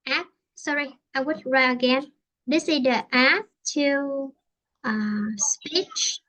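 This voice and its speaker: In an online English lesson conversation, a woman with a Vietnamese accent teaches in a relaxed way. Her voice is high and bright, and she hesitates often, filling gaps as she searches for the right words.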